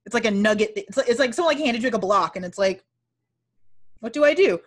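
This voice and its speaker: A young woman speaking very fast at a medium pitch co-hosts a casual podcast about a book. She's animated and swears freely, acting out characters' lines in different voices.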